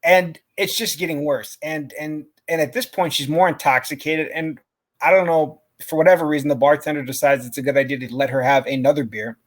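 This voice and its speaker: A man's voice: on the high side, steady tone, brisk. Laughing, profane man telling a story. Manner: profane, laughing, many restarts. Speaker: podcast co-host. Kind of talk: casual storytelling.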